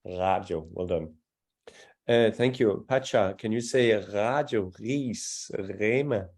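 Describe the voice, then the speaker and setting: A man's voice: on the low side, takes it slowly, darkish tone. A man teaching a live language class, patiently demonstrating sounds and encouraging students.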